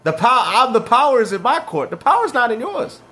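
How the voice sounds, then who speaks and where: A man's voice: very high-pitched, big pitch swings, fairly quick, sharp tone. A man reacting to clips and ranting about video games, mocking and slangy, laughing at his rivals. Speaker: gaming commentator.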